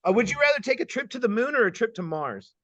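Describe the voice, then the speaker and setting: A man from Kansas City hosting an interview, firing off quick either-or questions, upbeat and laughing often, sometimes stammering over his words. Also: very high voice, very animated, bright, forceful tone, no echo. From Kansas City, United States. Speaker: host and geometry teacher. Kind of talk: lightning-round interview questions. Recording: dull, slightly muffled sound.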